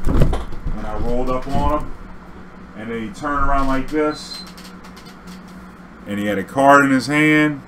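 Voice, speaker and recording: A young man telling a story casually, profane and animated, acting out dialogue. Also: mid-range voice, unhurried, long pauses, background noise.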